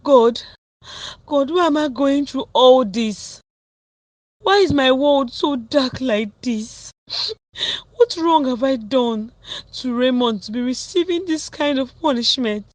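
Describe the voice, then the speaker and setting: Distressed cartoon wife voiced by a woman, higher pitch, dry close sound. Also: slow, dry recording. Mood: despairing. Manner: angry, despairing.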